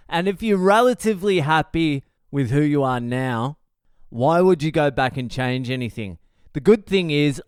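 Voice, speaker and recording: A man's voice: medium pitch, smooth, dry recording, clean studio sound. A middle-aged man, host of his own podcast, telling stories in a profane, rambling, jokey way. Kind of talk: casual monologue podcast.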